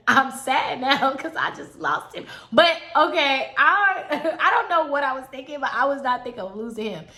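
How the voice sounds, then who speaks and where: A young woman tells her own story in an easygoing, chatty way, talking straight to her viewers. Her voice is bright and a touch high. The room gives it a noticeable echo. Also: big pitch swings, normal speed. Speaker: vlogger telling a personal story. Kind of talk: casual storytime chat. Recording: roomy echo.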